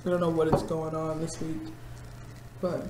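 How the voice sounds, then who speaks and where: Chatty twenties woman vlogging at her work desk, lowish voice, roomy office sound. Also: monotone, normal speed, noisy background. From Missouri. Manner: chatty, laughs often, mimics people. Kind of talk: casual chat. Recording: roomy office with faint ambience.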